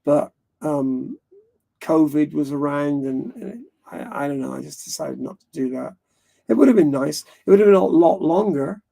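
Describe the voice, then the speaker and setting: A man's voice: on the high side, animated, normal speed, vocal fry, warm tone. A man hosting a live stream, talking casually and rambling frankly, swearing now and then.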